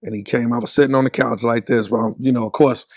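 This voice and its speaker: A middle-aged man with a gravelly, creaky voice tells his story as a podcast guest, using slang and acting out quoted lines. The sound is dry and close. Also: medium pitch, steady tone, quick pace, dry recording. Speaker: podcast guest, cycling specialist. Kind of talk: casual storytelling interview.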